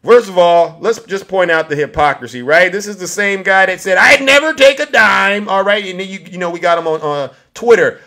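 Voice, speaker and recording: A man's voice: sits high, a little fast, few pauses, a bit bright. A man hosting a political commentary vlog, mocking his targets and talking straight to his audience. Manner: mocking, addresses audience directly. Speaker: host.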